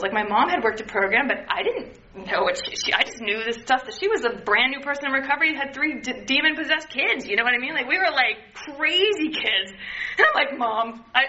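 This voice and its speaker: Bright-voiced woman sharing earnest testimony. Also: fairly high pitch. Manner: earnest, candid, animated with voiced quotes. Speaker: person in recovery sharing her story. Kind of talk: personal testimony, casual talk. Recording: dull lo-fi sound, faint noise.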